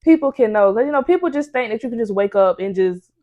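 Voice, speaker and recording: A woman host running a relaxed podcast interview with a somewhat high voice. She chats freely and encourages her guest, and she leans on casual fillers as she talks. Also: quick pace, highs cut off. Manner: chatty and encouraging, full of fillers like "like" and "you know". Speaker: podcast host and makeup artist.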